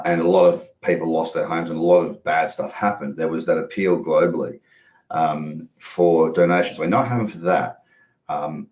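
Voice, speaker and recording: A trading educator gives casual, rambling live market commentary, chatty and casually profane. His voice is low-pitched with a darkish tone, and the recording is roomy with dull lo-fi audio.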